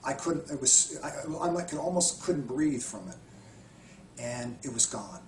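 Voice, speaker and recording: At a measured pace, the spiritual healer and retreat guide tells his stories with earnest warmth in an interview, restarting his sentences again and again. His medium-pitched voice is expressive, and the echoey, far-off recording has a little hiss or hum.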